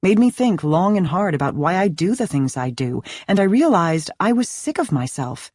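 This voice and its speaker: A woman voicing a sincere, gentle young woman speaking earnestly. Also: on the low side, very animated, normal speed, no echo, studio quality.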